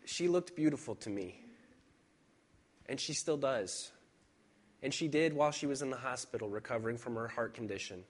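A man preaching a sermon as pastor, speaking in a conversational, personal way with reflective pauses and emphatic repetition. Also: medium pitch.

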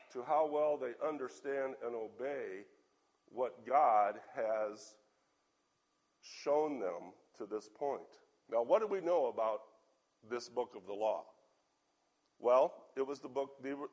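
A man with a hoarse voice preaching a sermon, reading scripture aloud and asking his listeners earnest questions. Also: mid-range voice.

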